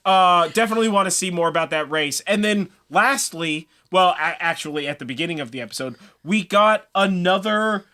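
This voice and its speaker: A young man co-hosting a casual review show, chatting quickly, laughing and acting out quotes. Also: high voice, pushed and bright. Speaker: podcast co-host.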